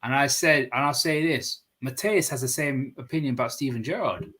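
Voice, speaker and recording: A man's voice: mid-range voice, moderate pace, fairly bright tone, husky. A man arguing about football on a video call, insistent and repeating himself to press his point. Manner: argumentative, repeats himself when making a point. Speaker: host. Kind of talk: casual football chat.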